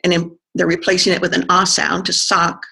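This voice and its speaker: An accent coach explaining pronunciation in conversation, pausing to think and sounding out vowels to demonstrate. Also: medium pitch, completely flat delivery, vocal fry, pushed and bright, husky. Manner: thoughtful, pauses with fillers, sounds out vowels to demonstrate.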